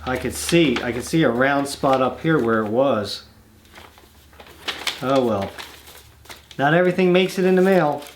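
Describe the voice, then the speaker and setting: Over background noise, a man with a mid-range, animated voice hosts his own channel, reading fan mail aloud. He goes unhurriedly with long pauses, chatting casually between letters in rambling, easygoing asides.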